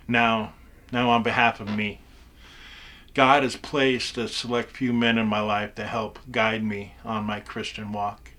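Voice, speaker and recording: A man's voice: on the low side, fairly bright tone. A man who is a pastor giving an earnest farewell tribute in a church, often stumbling and repeating words. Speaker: pastor and mission chaplain.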